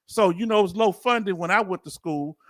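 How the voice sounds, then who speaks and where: A man's voice: high voice, a little fast, dry recording, studio quality. A middle-aged man from Houston with a Southern accent, commenting casually on a livestream and calling out to his viewers. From Houston, Texas. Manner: animated preacher-like call and response. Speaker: veteran YouTube host.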